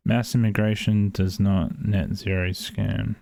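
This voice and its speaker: A man hosting a political reaction video, talking casually and hesitantly with many pauses as he thinks aloud. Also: fairly low pitch, little pitch movement, creaky, mellow, no echo. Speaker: political commentary host.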